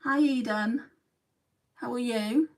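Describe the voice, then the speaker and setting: A woman's voice: a little high, slow pace, darkish tone, distant mic, rough recording. A woman from Lancashire with a Lancashire accent, chatting casually on a beauty livestream as she answers viewer comments. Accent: Lancashire English. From Lancashire, England.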